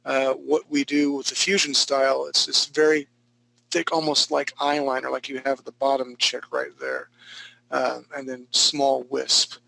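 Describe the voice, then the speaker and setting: Gravelly, bright-voiced male art teacher. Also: mid-range voice, level tone, unhurried, no echo, rough recording. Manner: casual, encouraging, joking, with frequent restarts. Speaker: art instructor. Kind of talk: live online class critique.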